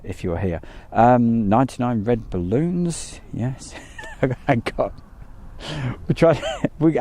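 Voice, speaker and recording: A man hosting a live stream, chatting casually and greeting viewers by name, with lots of ums and pauses. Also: medium pitch, dark tone.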